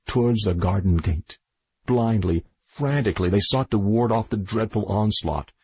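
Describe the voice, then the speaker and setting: A man reading a mystery novel aloud in measured scripted narration, with a husky voice. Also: fairly low pitch, a little mellow, no room sound, low-quality recording. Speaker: audiobook narrator.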